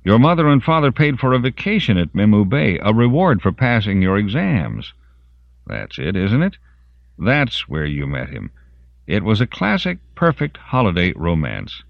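A man's voice: on the low side, huge pitch swings, moderate pace, creaky, dry recording, dull audio, voice pushed up, exaggerated voice. A man voicing a relentless male interrogator who presses with needling questions.

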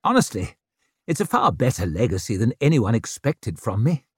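A man's voice: medium pitch, very animated, moderate pace, husky, no echo, studio quality. A man voicing a wry, formally polite young prince with an ironic edge.

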